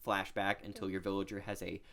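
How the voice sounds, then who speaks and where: A young man hosting a podcast, telling a rambling, animated story in casual chat. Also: deep voice, brisk, creaky. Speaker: podcast host.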